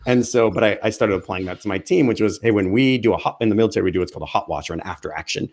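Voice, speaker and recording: Fast-talking animated man. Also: lowish voice. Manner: animated storyteller, acts out his own past remarks; fast, rambling, with many restarts. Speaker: guest. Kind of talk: conversational interview.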